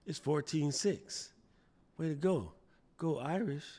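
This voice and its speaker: A man with a fairly high but dark-toned voice takes his time hosting a casual live stream. He's playful and talkative, reading the chat aloud to answer viewers and putting on jokey voices.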